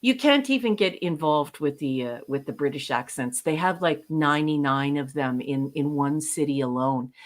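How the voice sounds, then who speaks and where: Livestream co-host, woman from Canada, slightly low voice, jokey and quick to laugh. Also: lively intonation. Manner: playful, laughs often. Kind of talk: casual chat, reading out viewer comments.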